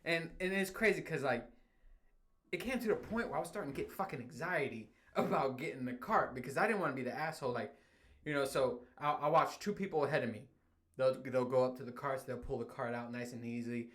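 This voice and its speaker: A young man talks straight to his listeners in a loose, profanity-laced rant. His voice sits at an ordinary middle pitch, and he keeps laughing and breaking into exaggerated outbursts as he tells his stories. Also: fairly quick. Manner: profane, animated storytelling with frequent laughs. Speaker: podcast host. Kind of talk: casual solo rant.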